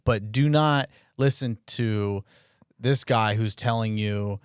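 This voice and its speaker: A man's voice: lowish voice, takes it slowly, smooth, dry recording, studio quality. A young man, a comedian guest on a podcast, talking casually and thoughtfully with frequent hesitations. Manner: thoughtful, hesitant, with many ums. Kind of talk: casual chat.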